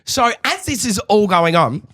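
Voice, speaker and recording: A young Australian man co-hosting a podcast, telling stories in a lively, swearing, casual way. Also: high voice, unhurried, breathy edge, no echo, clean studio sound. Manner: animated, swears freely, acts out quotes. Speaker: podcast co-host. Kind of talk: casual chat, storytelling.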